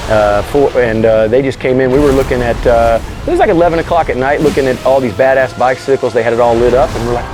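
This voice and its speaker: A man telling a story as an interview guest, animated and slangy, swearing freely. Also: medium pitch, fast, few pauses, over music. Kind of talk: casual storytelling.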